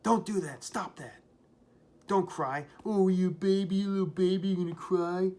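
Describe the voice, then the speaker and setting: Guy putting on a high sneery grown-up taunting a kid, mocking tone. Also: normal speed, a little mellow, close to an everyday voice. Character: adult man mocking a crying child.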